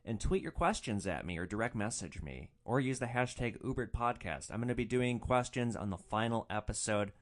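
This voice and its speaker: A man hosting a storytelling podcast with a dry, sarcastic edge. His pitch moves around a lot as he recounts events, keeping a deadpan wryness. He sits at a middle pitch for a man. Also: brisk, hardly any pauses. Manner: wry, deadpan, dryly sarcastic. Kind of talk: first-person storytelling podcast.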